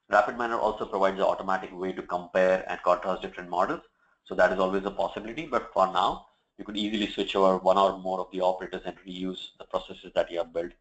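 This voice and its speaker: A man presenting a software demo, walking through each step in a steady, explanatory way with occasional fillers. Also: low voice, dull audio. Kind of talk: product demo walkthrough.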